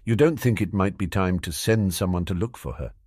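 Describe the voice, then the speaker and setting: A man's voice: sits low, fairly quick, darkish tone, dry recording, studio quality. A man voicing a kindly middle-aged father who asks things tentatively.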